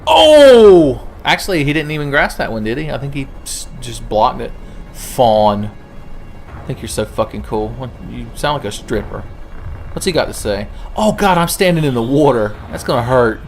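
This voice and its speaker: A man's voice: medium pitch, moderate pace, faint music behind. A young man giving profane, jokey commentary while playing a strategy game, slipping into silly voices. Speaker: gaming channel host. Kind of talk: let's play commentary.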